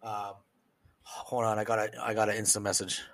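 A man co-hosting a casual podcast, telling a profane, animated story and acting out what other people said. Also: fairly low pitch, normal speed. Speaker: podcast co-host, service member.

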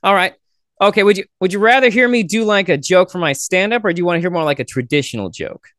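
Casual male podcaster, lively pitch, dry close mic. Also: fast, no room sound. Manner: chatty joke telling with fillers. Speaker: podcast host. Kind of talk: casual video chat with strangers.

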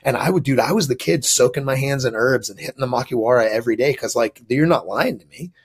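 A man in his fifties, a podcast guest who co-owns a martial arts gym, telling stories in a casual interview. He talks in a profane, animated way and laughs often. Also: medium pitch, fast talker, husky. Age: 50s.

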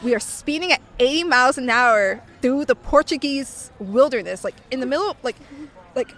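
A young woman in her twenties tells an animated story in casual speech, peppered with "like". Her voice is high. She talks freely to an interviewer. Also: moderate pace. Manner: animated, full of "like" fillers.

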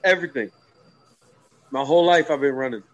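A man's voice: mid-range voice, fairly quick, a bit bright, dry recording, dull audio. A man in loose, joking chat with friends, swearing freely. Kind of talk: casual chat among friends.

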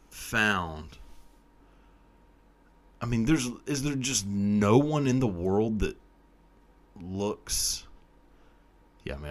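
A man's voice: on the low side, fairly bright tone. A man hosting his own podcast, chatting casually on his own in a rambling, profane, self-deprecating way. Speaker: podcast host. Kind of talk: casual solo podcast chat.

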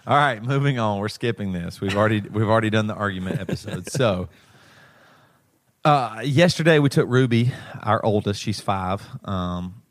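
A man's voice: fairly low pitch, expressive, normal speed, no room sound. A man in his thirties, a podcast co-host, telling a personal story in a rambling, emotional way with many restarts. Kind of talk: casual chat.

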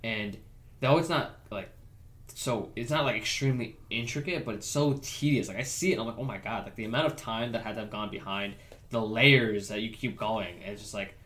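A man's voice: fairly low pitch, a little fast, fairly bright tone. A young man interviewing a friend in casual chat over a chess game, asking rambling questions full of fillers.

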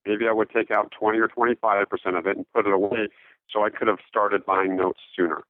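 Interview guest: man on a phone line, lowish voice, halting and full of fillers. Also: flat delivery, dry recording. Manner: halting, many fillers and restarts. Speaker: interview guest, note investor. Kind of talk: casual interview talk.

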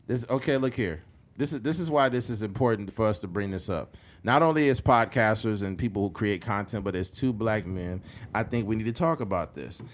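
A man co-hosting a casual podcast, talking bluntly and emphatically, sometimes reading news copy aloud haltingly and rising to heated points. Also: on the low side. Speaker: podcast co-host.

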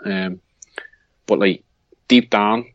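A man's voice: lowish voice, steady tone, extremely slow, no room sound, muffled recording. A man with a Liverpool accent co-hosting a podcast in rambling casual chat, often restarting his sentences. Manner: rambling, hesitant, with frequent restarts and fillers. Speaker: podcast co-host.

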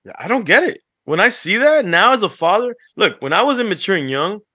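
A man co-hosting a podcast, telling animated stories that act out what others said, swearing freely as he chats. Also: high voice, a little fast, no room sound, studio quality. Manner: animated storyteller, acts out quotes, swears freely. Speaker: podcast co-host. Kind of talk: casual chat.

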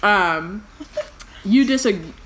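A woman's voice: medium pitch, animated, takes it slowly, background noise. A woman co-hosting a casual book podcast, reading passages aloud and chatting with lots of fillers and laughs. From California.

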